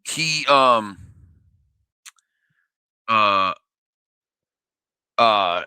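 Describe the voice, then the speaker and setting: Podcast guy, bright voice, lots of ums and restarts, dry room. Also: on the low side, lively intonation, very slow, smooth, dry recording. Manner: hesitant, lots of fillers and restarts. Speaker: podcast co-host. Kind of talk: casual podcast chat.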